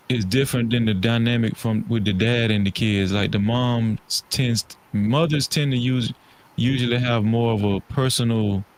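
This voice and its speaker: Relaxed, thoughtful man in casual chat. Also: mid-range voice, slight background noise. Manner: relaxed and thoughtful, with many restarts and "you know". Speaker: podcast co-host. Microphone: studio microphone, podcast setup.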